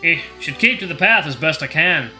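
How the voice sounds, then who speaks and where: Lone gatherer, cautious, self-muttering, bright tone; man voicing. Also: a little high, animated, moderate pace, soft background music.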